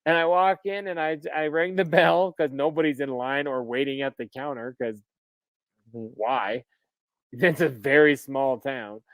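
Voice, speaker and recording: A man's voice: medium pitch, steady tone, measured pace, no room sound, studio quality. A man in his thirties, a podcast co-host, telling stories in a casual chat, laughing often and swearing freely.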